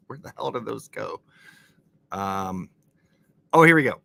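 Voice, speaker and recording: A man's voice: fairly low pitch, expressive, a little slow, creaky, fairly bright tone, no room sound. A man hosting a casual live-stream crossword show, chatting with viewers and laughing often with jokey asides. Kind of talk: casual live-stream chat, reading chat comments.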